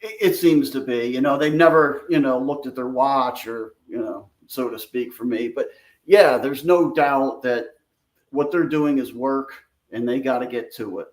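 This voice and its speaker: A middle-aged man, an interview guest, who talks haltingly with many fillers. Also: medium pitch. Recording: echoey room.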